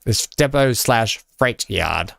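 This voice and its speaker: A man's voice: mid-range voice, animated, takes it slowly, gravelly, a bit bright, no echo, clean studio sound. A man streaming a building game, chatting casually with viewers and reading chat with many fillers. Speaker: live-streaming gamer. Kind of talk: casual live-stream commentary while building.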